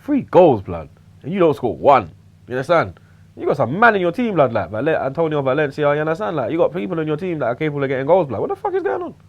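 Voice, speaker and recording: A young man trading casual football banter, slangy and animated, swearing often. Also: fairly high pitch, fast talker, lo-fi sound. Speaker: football pundit.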